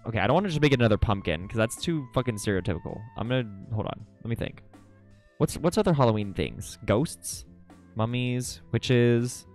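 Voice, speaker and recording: A man streaming live while drawing, chatting casually with viewers, excitable, swearing a lot and laughing often. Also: mid-range voice, brisk, soft background music.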